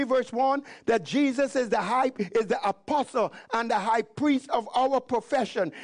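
Male pastor, Canadian accent, high voice, emphatic preaching. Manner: emphatic, repetitive declarations. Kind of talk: sermon.

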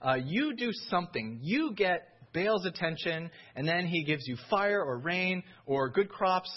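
A man preaching a sermon in a lively, conversational way, often checking in with his listeners. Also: high-pitched, a little slow, highs cut off. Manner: animated, conversational, keeps asking "right?".

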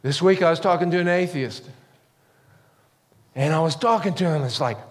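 A middle-aged man preaching a sermon, telling stories in an animated way and acting out loud quoted yells. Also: normal speed, long pauses, in a large hall. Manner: animated, acts out quotes with sudden high yells. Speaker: pastor. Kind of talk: sermon storytelling.

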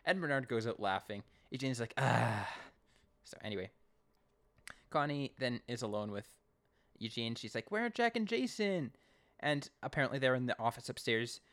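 A man's voice: medium pitch, a little fast, fairly bright tone. A Canadian man co-hosting a podcast, casually recapping an episode and acting out lines in raised voices. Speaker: podcast co-host.

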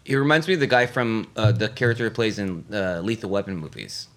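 A man's voice: lowish voice, quick pace, fairly bright tone. A man co-hosting a podcast, chatting casually with some hesitation. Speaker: podcast co-host. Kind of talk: casual chat.

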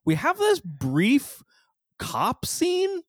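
A man co-hosting a podcast, chatting casually and acting out quotes in a mock high whiny voice. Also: huge pitch swings, drawn-out words, dry recording, clean studio sound. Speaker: podcast co-host.

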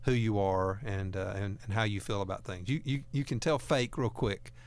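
A man's voice: lowish voice, moderate pace. A man hosting a talk radio show, speaking in a folksy, earnest way and often repeating words as he goes. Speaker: radio host.

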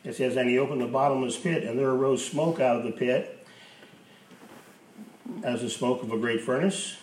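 A man's voice: mid-range voice, steady tone, normal speed, a little mellow. A man preaching a sermon as pastor, emphatic, repeating key phrases for effect. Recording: roomy, distant mic with faint hiss.

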